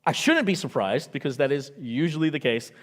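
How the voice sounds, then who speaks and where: A man preaching a sermon, telling stories in a chatty way and acting out the quotes. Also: a little high. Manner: chatty storytelling with acted-out quotes. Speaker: pastor. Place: church auditorium.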